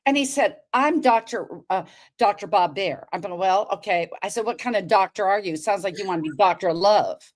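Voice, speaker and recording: Telling her story as a talk show guest, a woman speaks at an ordinary speed with a medium-pitched voice. She animates the dialogue she quotes and addresses the listeners directly along the way.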